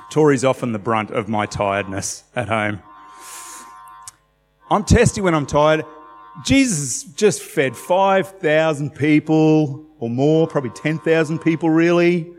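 A man's voice: a little high, slow, pauses often, in a large hall, faint music behind. A man preaching a sermon in a conversational, emphatic way, telling stories with animation.

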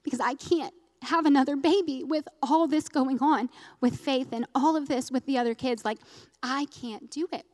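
A woman's voice: sits high, normal speed, a little mellow, long reverb tail. A woman in her thirties giving an earnest, emotional personal testimony as part of a sermon, close to tears, with frequent restarts. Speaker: speaker at a church gathering.

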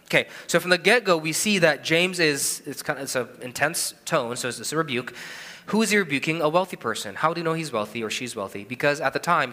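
A man in his thirties preaches with earnest conviction, posing questions to the congregation and repeating his main points for emphasis. His voice sits a little high and sounds bright and forceful. Long reverb trails behind each phrase, as in a church hall. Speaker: pastor. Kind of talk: sermon.

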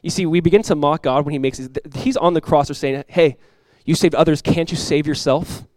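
Male pastor, rapid sermon delivery, slightly high voice, dry close sound; emphatic, climbs on scripture quotes. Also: darkish tone, no room sound. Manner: emphatic preaching, voice climbs and swells when quoting scripture; conversational asides with quick restarts.

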